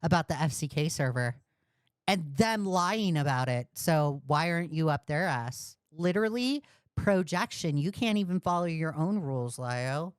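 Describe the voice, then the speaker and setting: A woman's voice: deep voice, expressive, moderate pace, clear, resonant tone, no echo, clean studio sound. A woman streamer giving blunt, mocking commentary on a call during a livestream.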